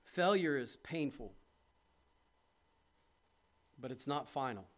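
A man preaching a sermon to his congregation, asking them questions directly and moving from quiet reflection to loud, impassioned appeals. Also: medium pitch, expressive, slow pace.

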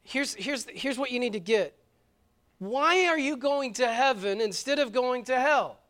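High-voiced preaching man, fervent. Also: expressive, a little slow. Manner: swings from quiet and intimate to loud and fervent. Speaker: pastor. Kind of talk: sermon. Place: church sanctuary.

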